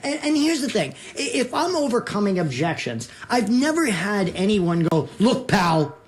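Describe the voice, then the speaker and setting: A man's voice: sits high, very animated, normal speed, husky. A man, a real estate broker, giving emphatic and punchy sales coaching as a guest on a talk show. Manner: emphatic, punchy repeated rules.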